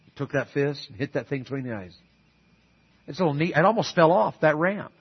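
A middle-aged man preaching through folksy family stories, climbing loud and high at the funny peaks and dropping low and quiet for asides. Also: animated, a little fast, breathy edge, highs cut off. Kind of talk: storytelling sermon.

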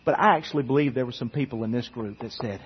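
A pastor preaching a sermon, pleading and swinging from quiet talk to impassioned urging. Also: male voice, mid-range voice, fast, husky, dull audio.

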